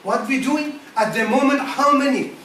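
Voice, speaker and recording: A high-voiced man gives an impassioned speech to a gathering of scholars in broken, non-native English. He keeps repeating phrases and firing rhetorical questions, and breaks into rapid Quranic verses in Arabic. He sounds distant, with the roomy echo of a meeting hall. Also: a bit bright, slight background noise. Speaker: speaker addressing a gathering of Islamic scholars. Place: meeting hall at a community centre. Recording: echoey hall, voice from far off.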